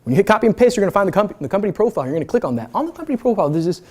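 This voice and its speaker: A man in his twenties gives a brash, energetic motivational talk to students, swearing casually as a guest speaker in a university event room. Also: sits high, racing. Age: 20s.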